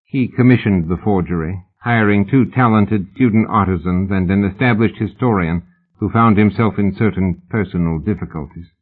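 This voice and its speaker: Male reader as an old, ultra-rich collector: measured, formal, cold; low voice, tinny phone-like sound. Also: natural voice.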